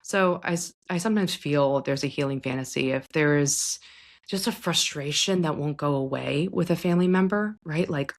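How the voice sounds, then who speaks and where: A woman therapist hosting a podcast, talking gently and reflectively about family and healing, sometimes acting out what clients and their parents might say. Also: sits low, moderate pace. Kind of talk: conversational psychology talk.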